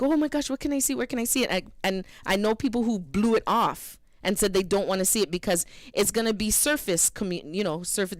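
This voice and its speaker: A woman co-host chats on an internet radio show, telling stories with lively energy. Her mid-range voice is close and dry, with no room sound around it. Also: medium pitch, no echo. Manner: chatty, animated storytelling. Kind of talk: casual radio talk.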